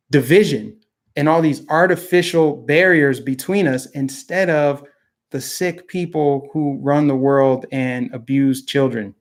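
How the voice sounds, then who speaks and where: A young man holds forth in a fairly high voice, riled up and indignant. He delivers a casual but heated commentary monologue as the host of his own show, now and then mocking the people he criticizes.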